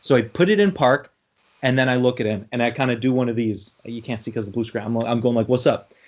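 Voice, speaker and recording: A man's voice: medium pitch, fast, muffled recording. A young man hosting a casual podcast, telling a long story with lots of restarts and swearing. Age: young adult. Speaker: podcast host. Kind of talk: casual chat.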